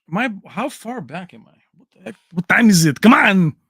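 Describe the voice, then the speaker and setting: Guy hosting a tech livestream, kinda high voice, chatty, reads comments and laughs a lot, dry close sound. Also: animated, moderate pace, fairly bright tone, slightly rough, dry recording. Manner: chatty, answers viewer comments, laughs often. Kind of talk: casual livestream chat.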